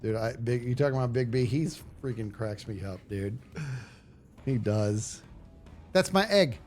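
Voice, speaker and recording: A man's voice: mid-range voice, steady tone, normal speed, dark tone, faint music behind. A man streaming a game live, chatting in a rambling, self-mocking way as he thinks aloud. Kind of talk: live gaming stream chat.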